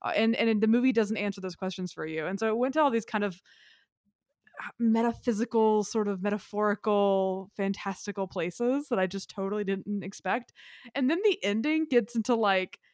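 A woman's voice: mid-range voice, normal speed, darkish tone, no echo. Woman co-host, eager and chatty, loose rambling delivery, dry close mic. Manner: enthusiastic, rambling, lots of "like". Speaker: podcast co-host. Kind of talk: casual film chat.

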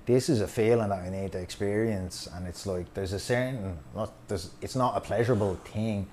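A man hosting a podcast, telling a story in a casual, animated way with plenty of swearing. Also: on the low side, fairly quick, slight background noise. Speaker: podcast host.

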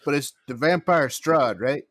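A man's voice: fairly high pitch, unhurried, fairly bright tone, dry recording, studio quality. A man playing in a tabletop game, asking questions out of character. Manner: inquisitive. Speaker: player. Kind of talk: casual chat.

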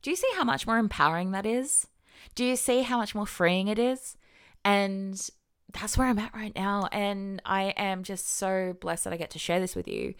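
A woman's voice: mid-range voice, normal speed, clean tone. A woman hosting a podcast, talking alone to her listeners in a casual, emphatic way, swearing freely and acting out inner voices in quotes. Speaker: podcast host, business coach. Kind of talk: solo podcast monologue.

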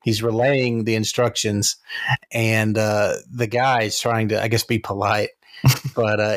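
A man co-hosting a movie review podcast, chatting casually and laughing as he retells scenes. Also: on the low side. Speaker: podcast co-host.

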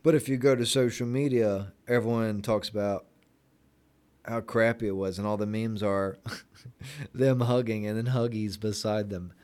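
A young man with a lowish voice chats to camera in a loose, rambling way, and his talk is packed with fillers. He is sarcastic and cutting when something annoys him, then drifts back to easy small talk. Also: fairly even intonation, moderate pace, darkish tone. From Florida, United States. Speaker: vlogger. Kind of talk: casual chat.

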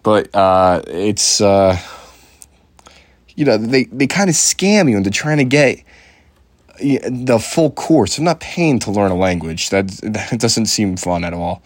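A man's voice: on the low side, animated, unhurried, dry recording. A young man hosting a podcast in loose, rambling casual chat, swearing freely and filling his talk with "uh" and "you know" and restarts. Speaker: podcast host.

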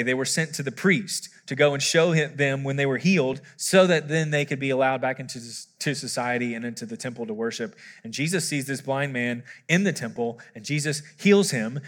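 A man preaching a sermon as a pastor, animated and building to emphatic peaks, with some scripture read aloud. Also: medium pitch. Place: church auditorium. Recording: long hall reverb.

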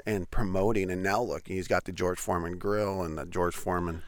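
Low-voiced casual podcast host man. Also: fairly even intonation, a little fast, dry recording. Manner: loose, meandering questions with fillers. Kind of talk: casual interview.

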